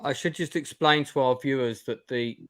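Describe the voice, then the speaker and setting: A man's voice: medium pitch, normal speed, a bit bright, no echo. A man hosting a live stream, chatting casually with his guests in a friendly way, often restarting his sentences. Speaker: stream host.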